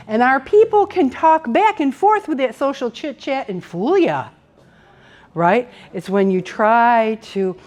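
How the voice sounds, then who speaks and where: A woman's voice: a little high, unhurried. A woman teaching a dementia care workshop, telling stories, acting out quotes and laughing often. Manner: animated storyteller, acts out quotes, laughs often. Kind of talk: workshop presentation. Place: indoor workshop room.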